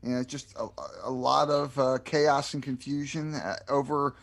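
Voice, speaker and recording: A man with a Delaware County Philadelphia accent, co-hosting a podcast in relaxed casual chat, leaning on "you know" fillers. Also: medium pitch, normal speed, gravelly. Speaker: podcast co-host.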